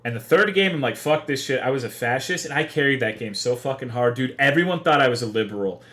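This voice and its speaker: Young male streamer, mid-pitched, swears a lot, rambling and self-deprecating, casual chat to viewers. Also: expressive, quick pace, a bit bright. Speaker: livestreamer.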